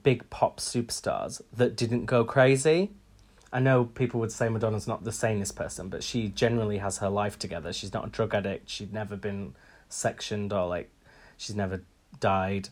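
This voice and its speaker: A man co-hosting a podcast, chatting casually and opinionated, with frequent ums. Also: fairly low pitch. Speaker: podcast co-host. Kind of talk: casual chat.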